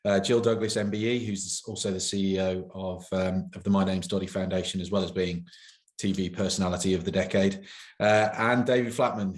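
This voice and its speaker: A man, the event organizer, chatting casually and joking in a promotional interview. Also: fairly low pitch. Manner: chatty, joking, self-deprecating. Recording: roomy echo.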